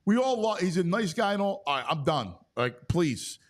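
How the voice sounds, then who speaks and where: A man hosting a casual sports talk show, making his points with quick, emphatic reactions. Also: high-pitched, big pitch swings.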